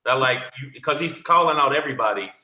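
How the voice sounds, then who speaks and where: A man co-hosting a podcast in casual chat, tossing in quick reactions and blunt opinions. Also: mid-range voice, lively intonation, sharp tone. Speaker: podcast co-host. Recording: roomy echo.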